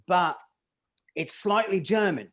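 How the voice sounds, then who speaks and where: Rambling comedian telling travel jokes. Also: male voice, high voice, animated, slow, very noisy. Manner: rambling, self-deprecating, laughs at his own jokes. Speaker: stand-up comedian. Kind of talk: stand-up comedy set.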